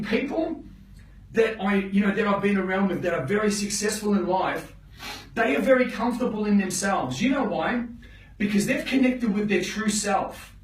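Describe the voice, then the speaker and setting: This motivational coach runs a live session in a high-pitched voice, preachy and blunt, frequently asking in with his audience and cursing to drive points home. The room is echoey, he's distant from the microphone, and quality is poor.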